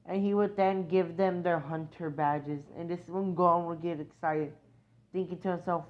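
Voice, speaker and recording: A woman's voice: on the low side, steady tone, moderate pace. A woman improvising a fan-fiction story, rambling and hesitant, correcting herself often. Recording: dull lo-fi recording.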